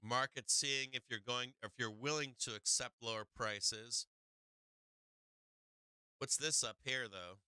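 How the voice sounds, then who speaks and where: Excitable, foul-mouthed man hosting a trading stream. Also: medium pitch, takes it slowly, pauses often, clean tone, no echo. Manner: excitable, swears freely, talks to chat. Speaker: stock market livestream host. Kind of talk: casual live trading commentary.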